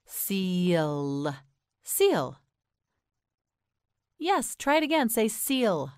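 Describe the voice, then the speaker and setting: An American woman teaching English pronunciation in a slow, scripted lesson, patiently repeating each word and encouraging the learner. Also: lowish voice, big pitch swings, no room sound, clean studio sound.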